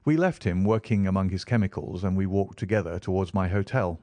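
A man's voice: low-pitched, fairly quick, mellow, no echo. A man reading a classic story aloud as narrator. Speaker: audiobook narrator. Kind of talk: scripted narration.

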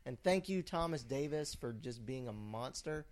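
A man's voice: medium pitch, animated, normal speed, a little mellow. A man co-hosting a podcast, chatting casually with rambling, joking asides. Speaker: podcast co-host. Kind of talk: casual chat.

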